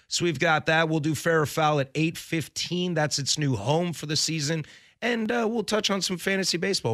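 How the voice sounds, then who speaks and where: A man's voice: mid-range voice, dry recording, clean studio sound. A young man hosting a sports radio show, joking casually with his co-host. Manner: joking, animated, does silly voices.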